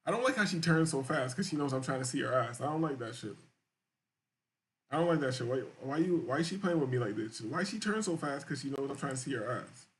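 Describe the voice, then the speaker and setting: A man hosting a live-stream show, reading viewer chats aloud and reacting in crude, rambling, repetitive casual talk. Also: fairly high pitch.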